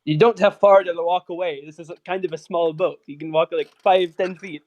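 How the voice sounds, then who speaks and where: A man's voice: high voice, fairly even intonation, a little fast, a little mellow, highs cut off. A man playing a tabletop role-playing game, talking in a chatty, explaining way. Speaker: player. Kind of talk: tabletop role-play chat.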